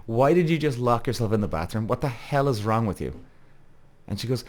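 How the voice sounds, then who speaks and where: A man's voice: lowish voice, sing-song, normal speed, a little mellow. A man in his thirties tells a story on his own podcast in a loose, conversational monologue. He is blunt and swears freely. He keeps turning to the listeners with direct asides. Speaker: podcast host.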